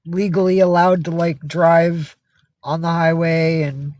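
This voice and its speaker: A woman's voice: lowish voice, flat delivery, unhurried, a little mellow, no echo. A woman livestreaming in casual chat, teary and emotional, slipping into baby talk with her cat. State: tearful.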